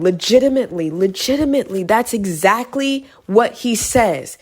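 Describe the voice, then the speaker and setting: A woman's voice: mid-range voice, expressive, moderate pace, hardly any pauses, darkish tone. A young woman giving a heated, exasperated casual recap of a movie, repeating points for emphasis. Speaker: video creator.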